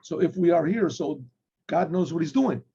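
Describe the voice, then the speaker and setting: A rabbi giving a Torah class in a conversational way, acting out little dialogues and clearing his throat often. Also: a little high, lively intonation, normal speed, warm tone. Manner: conversational teaching with homely examples and acted dialogue. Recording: muffled lo-fi recording.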